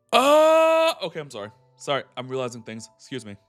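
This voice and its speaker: A male streamer reading a game story aloud and breaking off into excited, giggly asides, with an accent that shifts as he talks. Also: medium pitch, rapid-fire, faint music behind. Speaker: VTuber streamer.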